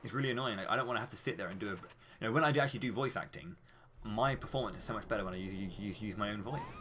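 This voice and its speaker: Ranting British man, low voice. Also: racing, a bit bright, a little hiss or hum. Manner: passionate, ranting, swears freely. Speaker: speedrunner and streamer. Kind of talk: casual live-stream commentary.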